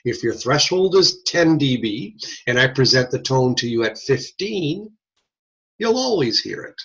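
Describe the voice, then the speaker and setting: A man with a slightly husky voice teaches in a conversational way, his pitch rising and falling a lot as he stresses points. He loops back over ideas and keeps checking in with "okay?". The audio is dull and lo-fi, like a computer mic. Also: very animated, unhurried, fairly bright tone. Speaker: audiology lecturer. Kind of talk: informal recorded lecture.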